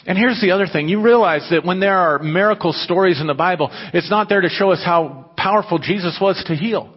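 Brisk and husky with a high pitch, a pastor speaks to his congregation in an easygoing sermon that flares into emphatic, raised passages. The sound is dull and muffled, washed in long hall reverb.

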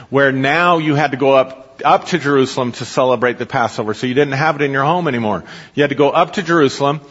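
Preacher in a reverberant hall. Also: male voice, on the high side. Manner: reads scripture then explains it, asks the listeners questions. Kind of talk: sermon with scripture reading. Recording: dull hall recording with long reverb.

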